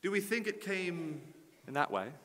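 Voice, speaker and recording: A man preaching a sermon as pastor, earnest and building to forceful emphasis. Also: a little high, big pitch swings, normal speed, long reverb tail. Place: church sanctuary.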